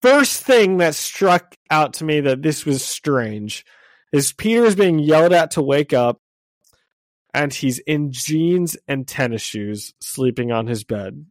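A man's voice: on the high side, lively intonation, slow, no echo. A congested man co-hosting a casual comic book podcast, chatty and self-deprecating, often laughing. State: congested from illness. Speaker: podcast co-host.

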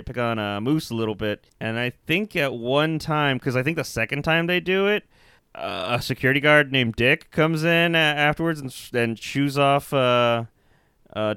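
A man rambles through a bad movie with his co-host, full of fillers, restarts and casual swearing. His voice is smooth and resonant, recorded close and dry with no room sound. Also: on the high side, sharp tone, dry recording. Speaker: podcast co-host. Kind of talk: casual movie review chat.

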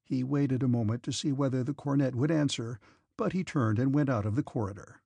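Husky man reading an audiobook. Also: medium pitch, fairly quick, warm tone, no echo. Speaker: audiobook narrator. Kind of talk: scripted audiobook narration.

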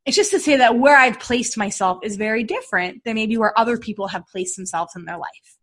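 A middle-aged woman, a podcast host and fitness coach, telling a personal story in an animated way and acting out the dialogue. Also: on the high side, fairly quick. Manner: animated, acts out quoted dialogue.

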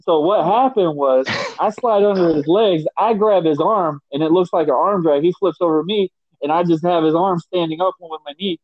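A man hosting a casual podcast, telling stories with lively quoted voices. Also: a little high, normal speed, hardly any pauses, dry recording. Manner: animated storyteller, voices others in quotes. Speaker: podcast host. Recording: dry, dull lo-fi sound.

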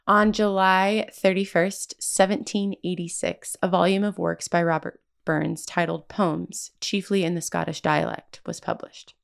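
A woman's voice: on the low side, vocal fry, smooth. A woman hosting a podcast, reading a scripted local history narration with occasional casual asides. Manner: reads from a script with quotes and asides. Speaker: podcast host.

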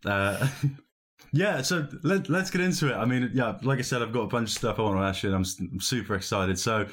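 A man's voice: lowish voice, a little fast, a bit bright. A man from northern England, with only a faint accent left, hosting the interview in a friendly, eager way. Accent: light northern English. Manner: friendly, eager, laughs easily. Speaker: interview host. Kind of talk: casual conversational interview.

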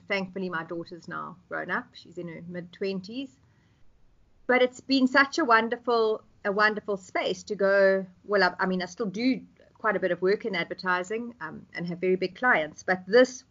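A woman in her fifties with a South African accent, speaking as a podcast guest in a thoughtful way, pausing with ums and restarting phrases. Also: medium pitch, a bit bright, muffled recording. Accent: South African English. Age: 50s. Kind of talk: conversational interview.

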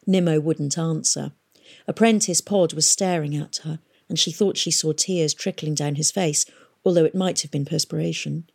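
A woman reading a novel aloud in a steady, measured storytelling manner. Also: low voice, vocal fry, husky. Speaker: audiobook reader. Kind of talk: audiobook narration.

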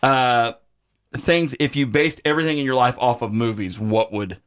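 A man's voice: medium pitch, normal speed, fairly bright tone, clear, resonant tone. A man co-hosting a podcast, talking in a rambling, sarcastic, joking way. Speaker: podcast co-host. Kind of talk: casual chat.

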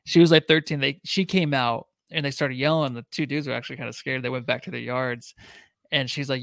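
A man's voice: medium pitch, fairly even intonation, fast, gravelly, a bit bright, dry recording. A man co-hosting a casual sports podcast, talking in a loose, joking way. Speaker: podcast co-host.

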